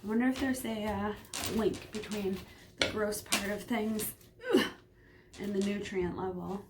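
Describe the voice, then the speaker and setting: A woman talking casually in a home vlog, chatty and hesitant with frequent ums, sometimes dropping to a hush. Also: medium pitch, steady tone, unhurried, heavy background noise. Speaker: vlogger.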